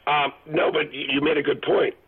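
A middle-aged male actor telling rambling, animated stories as a guest on a phone-in interview. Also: on the high side, a little fast, slightly rough. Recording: phone line.

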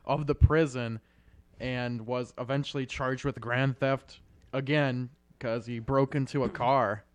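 A young man co-hosting a podcast, reading out a news story in a laid-back, halting way. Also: mid-range voice, steady tone, no room sound. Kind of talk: casual chat.

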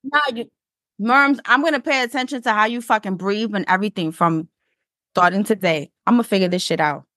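A woman's voice: medium pitch, a little fast, fairly bright tone, no echo, studio quality. Blunt teasing woman on a podcast. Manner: blunt, swears casually, teasing. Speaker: podcast co-host. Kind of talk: casual chat. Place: basement at home.

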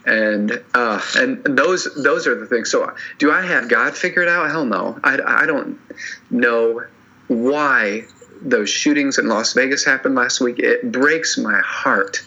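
A man sharing his story as a podcast guest, earnest and halting with many restarts, and teary. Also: mid-range voice, sharp tone, lo-fi sound. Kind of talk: emotional personal interview.

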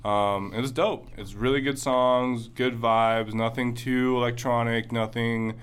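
Smooth-voiced young man, profane and animated. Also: medium pitch, a little slow. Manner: profane, animated, filler-heavy. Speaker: podcast co-host. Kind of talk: casual chat.

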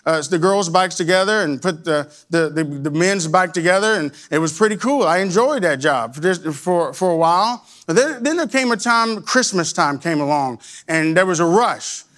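High-voiced man telling a story. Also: expressive, moderate pace, few pauses, a bit bright. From Arkansas, USA. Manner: rambling, many restarts and repeats. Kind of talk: personal anecdote.

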